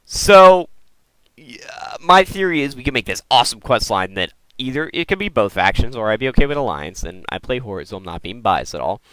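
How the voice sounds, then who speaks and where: Excitable man rambling in a bright voice. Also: medium pitch, quick pace, few pauses, no room sound, low-quality recording. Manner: excitable, repeats words, rambling. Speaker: gaming video host. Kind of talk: casual lore theorizing talk.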